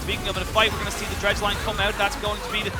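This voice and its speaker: A man calls an esports match play by play in a very high voice, getting excitable at the big plays. Loud game music plays under his commentary. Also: racing. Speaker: esports caster.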